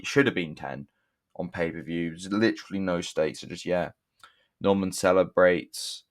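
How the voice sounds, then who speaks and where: A young man with a deep, low voice. He talks through a wrestling show in a rambling way, swearing casually and often breaking off to correct himself. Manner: rambling, profane, self-correcting with restarts. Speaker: wrestling reviewer. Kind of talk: casual spoken review.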